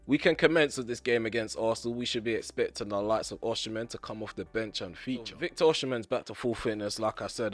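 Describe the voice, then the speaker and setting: A young man talks over his football video game in a slightly low voice. He rants bluntly and swears mildly at his players. His voice sounds hoarse and worn. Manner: frustrated, ranting, blunt with mild swearing. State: voice getting hoarse. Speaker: gaming YouTuber. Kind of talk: live gameplay commentary.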